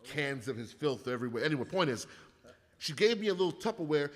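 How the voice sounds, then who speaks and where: A man in casual comedic chat, telling animated, profane stories with acted-out quotes. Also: a little high, fast. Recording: long hall reverb.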